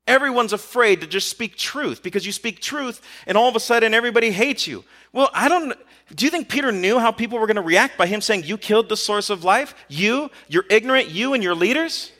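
A man preaching a conversational sermon, animated, asking rhetorical questions and acting out quotes. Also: high voice.

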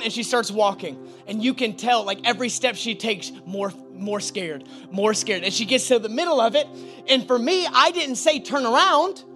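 A young adult man preaching a sermon as pastor, animated, moving between loud urging and hushed intensity. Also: very high-pitched.

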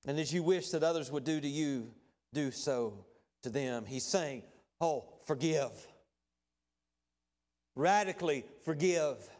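A middle-aged pastor preaching a sermon in a conversational way, with asides and everyday illustrations. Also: male voice, on the high side, slow pace, pauses often, a little mellow.

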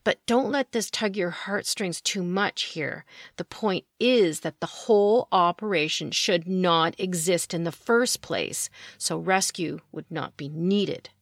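Woman, podcast host, low-ish pitch, dry close sound, sarcastic and emphatic ranter. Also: unhurried, hardly any pauses, no echo. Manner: indignant and sarcastic, emphatic asides. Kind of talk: opinionated solo podcast commentary.

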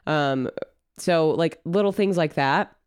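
A woman co-hosts a casual fitness podcast, her voice a little nasal from a recent cold. She sounds smooth and clear in a dry, close recording, and gives easygoing coaching advice full of fillers. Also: deep voice, slow, no room sound. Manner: relaxed, filler-heavy, coaching tone. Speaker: podcast co-host and trainer.

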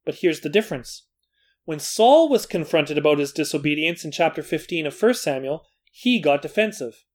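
A man's voice: a little high, animated, moderate pace, darkish tone. A man teaching a Bible lesson in an earnest, scripted way, with self-deprecating asides. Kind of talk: scripted Bible study narration.

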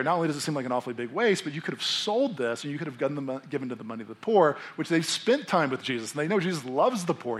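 A young adult man, a pastor preaching a sermon in a casual, conversational way, acting out the people in his story. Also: on the high side. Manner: animated, conversational, acts out characters.

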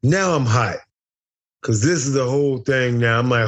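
A man's voice: medium pitch, normal speed. A middle-aged American man telling a wild story as an interview guest, boisterous and profane, acting out the dialogue. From United States. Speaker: interview guest, former fighter.

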